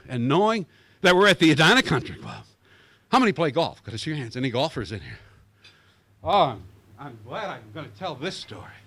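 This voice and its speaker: High-voiced man telling lively stories. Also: no room sound. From Iowa, USA. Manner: animated, acts out the people he quotes. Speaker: guest speaker. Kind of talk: storytelling speech to a club meeting. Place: country club meeting room.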